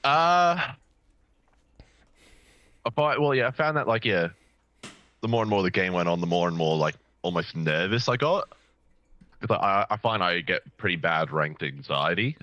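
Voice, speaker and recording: A man's voice: deep voice, animated, moderate pace, long pauses, sharp tone, no echo. A man with an Australian accent answering a coach's questions hesitantly, with short replies and many fillers. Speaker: student player. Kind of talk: casual chat. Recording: dull, dry lo-fi mic.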